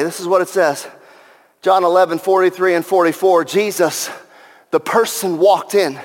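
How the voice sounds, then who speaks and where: A man's voice: high voice, fairly even intonation, normal speed, long reverb tail. A male pastor preaching an Easter sermon with passion, repeating key lines for emphasis.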